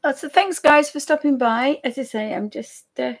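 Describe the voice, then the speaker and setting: A woman's voice: sits high, normal speed. A woman hosting a live painting tutorial stream, chatty and easily amused, with apologetic asides to her viewers. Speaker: art demonstrator.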